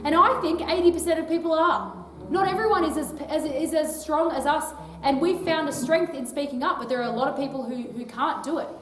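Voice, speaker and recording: A woman's voice: high voice, brisk, fairly bright tone, recorded from a distance, slight background noise. Chatty woman in an echoey hall. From Australia. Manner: chatty, peppers sentences with tag questions like "right?". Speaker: touring public speaker. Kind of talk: casual speech to a live audience. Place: old library hall, indoors.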